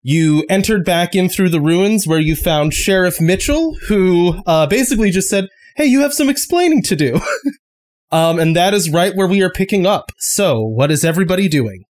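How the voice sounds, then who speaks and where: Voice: medium pitch, animated, normal speed, a little mellow. A game master casually narrating a tabletop game and laughing often.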